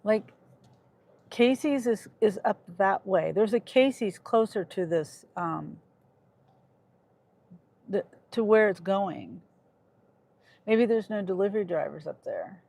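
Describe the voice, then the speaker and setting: Woman streamer, slow unhurried talk, chatting with viewers, a bit irritable. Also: medium pitch, lively intonation, creaky, a little mellow. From Kansas. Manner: talks to chat, irritated, trailing off. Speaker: livestreaming gig delivery driver. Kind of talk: casual livestream chat.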